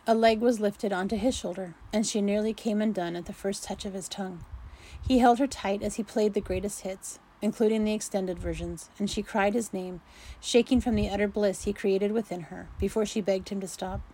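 A woman narrating a romance story in an unhurried amateur reading, going back to redo fumbled sentences. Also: mid-range voice, fairly even intonation, mellow, slightly rough, poor audio.

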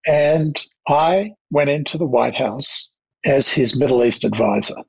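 Older Australian man, gravelly and husky, reflective interview guest, slightly dull recording. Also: medium pitch, fairly bright tone. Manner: anecdotal, measured, with restarts. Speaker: guest, diplomat.

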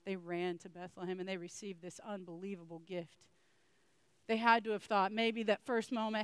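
A woman preaches a sermon at a middle pitch, earnest and direct, often turning her points into questions for her listeners. Her voice is recorded dry, with no room echo around it. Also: fairly even intonation, moderate pace, clear, resonant tone.

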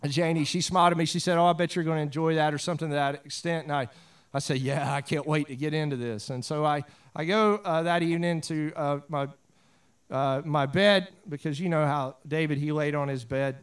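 A pastor with a drawl, preaching in a high, smooth and resonant voice. He drifts from scripture reading into fervent prayer and easygoing storytelling. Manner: casual storytelling with prayerful swells. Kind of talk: sermon.

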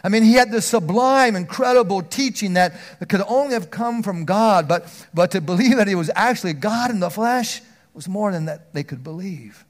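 High-voiced man preaching with big swings. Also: expressive, normal speed. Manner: earnest, with frequent restarts and swings from loud emphasis to near hush. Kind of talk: sermon.

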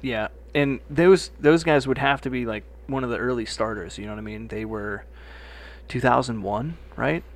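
Young man, casual podcast chat, profane, quotes people, mid-pitched voice. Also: normal speed. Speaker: podcast co-host.

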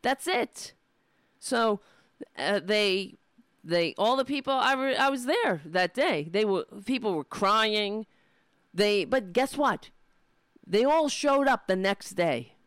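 A woman's voice: mid-range voice, animated, slow pace, fairly bright tone, no echo, clean studio sound. A woman ranting to camera, indignant and rambling, with frequent restarts and swearing. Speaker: political vlogger. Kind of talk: casual ranting monologue to camera. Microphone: camera mic.

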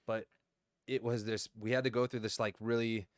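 A man's voice: medium pitch, level tone, normal speed, dry recording, studio quality. A man in his thirties telling loose, profane stories as a podcast guest in casual conversation. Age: 30s. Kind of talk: casual chat.

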